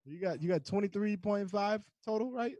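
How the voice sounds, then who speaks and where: A man's voice: high-pitched, brisk, darkish tone, no echo, highs cut off. A man co-hosting a live comedy show, teasing the contestants and breaking into giggles. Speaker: co-host.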